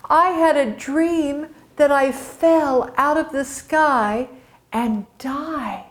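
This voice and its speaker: Scared young sun god, high raised voice, played by a woman storyteller. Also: very slow. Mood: frightened.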